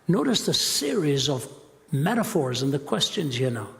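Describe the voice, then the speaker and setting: A man giving a sermon lecture as a Christian apologist, measured and rhetorical, laying out his points one after another. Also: a little high, very animated, gravelly, fairly bright tone. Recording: long hall reverb.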